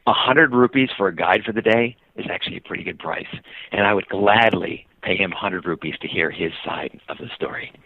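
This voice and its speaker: Husky American storyteller on a tinny line. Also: male voice, brisk, no room sound. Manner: acts out quoted voices with big pitch jumps. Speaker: guest, touring cyclist and author. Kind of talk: animated storytelling in a podcast interview. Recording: dry, tinny phone-line sound.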